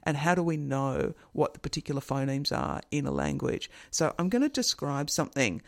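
A man hosting a show, explaining accents and phonemes in a relaxed, conversational way with many fillers. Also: on the high side, fairly quick, creaky. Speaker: host explaining linguistics. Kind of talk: casual educational talk.

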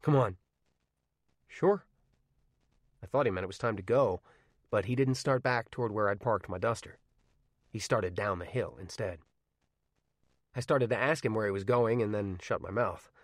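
A man narrating a novel in first person with measured, wry storytelling. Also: fairly low pitch, no echo, studio quality. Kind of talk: audiobook narration.

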